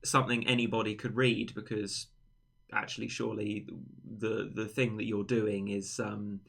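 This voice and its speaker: A man's voice: lowish voice, flat delivery, normal speed, vocal fry, a bit bright. A young man hosting a casual livestream chat, rambling and teasing his friend in a playful way. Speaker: livestream host.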